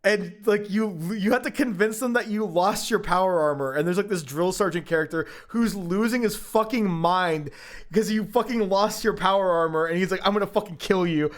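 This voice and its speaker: A male streamer in casual livestream chat, rambling and profane as he gets excited. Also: high voice, moderate pace.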